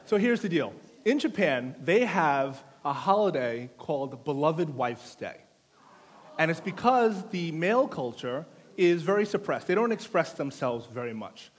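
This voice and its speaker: Animated high-voiced male preacher. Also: measured pace. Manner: playful, teases the congregation; animated storytelling with audience participation. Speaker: pastor. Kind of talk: sermon.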